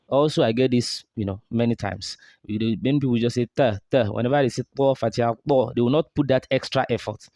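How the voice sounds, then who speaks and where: A man from Nigeria, teaching recitation and drilling sounds slowly over and over. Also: mid-range voice, darkish tone, no echo, clean studio sound. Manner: slow drawn-out model syllables, repeated drills. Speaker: tajweed teacher. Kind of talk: recitation lesson.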